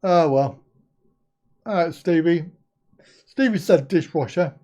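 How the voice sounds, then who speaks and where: A man's voice: a little high, takes it slowly, dark tone. An older man hosting a live stream, chatting casually, reading out viewer comments, swearing lightly and laughing often.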